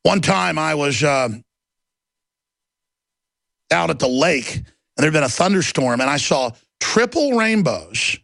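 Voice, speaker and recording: A man's voice: a little high, expressive, slow, creaky, long pauses, fairly bright tone, no echo. A man hosting a talk radio show, delivering an intense, rambling monologue with emphatic outbursts. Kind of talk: ranting monologue. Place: radio studio.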